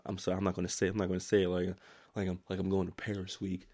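A man from Maryland co-hosting a casual podcast, joking and teasing, often breaking into laughter. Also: rapid-fire. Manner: animated, jokey, breaks into laughs, lively pitch. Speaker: podcast co-host.

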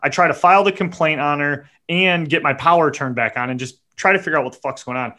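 A man hosting a podcast, telling a story in a profane, animated rant and muttering quick asides. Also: on the high side. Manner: animated and profane, voice jumps up when acting out his own yelling. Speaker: podcast host.

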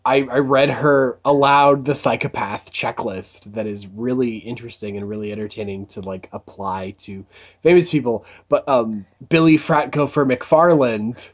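A woman's voice: extremely low pitch, moderate pace. A woman co-hosting a podcast in casual chat, rambling with lots of fillers and frequent laughs. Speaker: podcast co-host.

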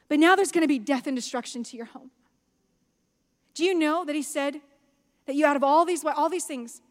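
High-voiced woman pastor preaching in a hall. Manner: impassioned preaching that swings between hushed and loud emphatic. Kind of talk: sermon. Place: church sanctuary.

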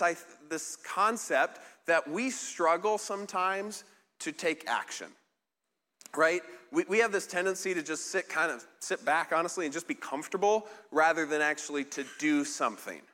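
A man preaches a relaxed, conversational sermon, his bright, lifted voice carrying a lingering reverb from the large hall. He talks in a rambling, self-deprecating way, stopping and restarting with plenty of ums and likes. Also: a little high. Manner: chatty, self-deprecating, many fillers and restarts. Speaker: pastor. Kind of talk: casual sermon.

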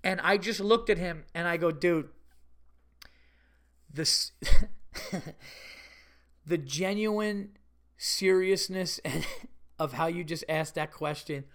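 A man hosting a podcast, telling stories in a casual, animated way, laughing often and swearing freely. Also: high-pitched, takes it slowly, pauses often. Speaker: podcast host. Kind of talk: casual storytelling monologue.

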